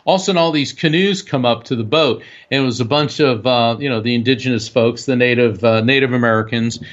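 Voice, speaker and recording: A man being interviewed as a guest author, telling an animated anecdote that is full of fillers and restarts. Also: mid-range voice, fast, lo-fi sound. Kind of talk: storytelling interview.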